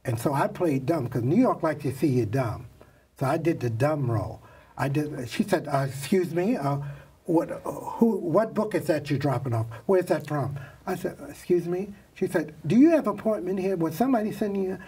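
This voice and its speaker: Older man telling stories, husky and distant. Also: a little high, moderate pace. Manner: animated storyteller acting out quoted voices. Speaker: makeup artist guest. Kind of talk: storytelling interview.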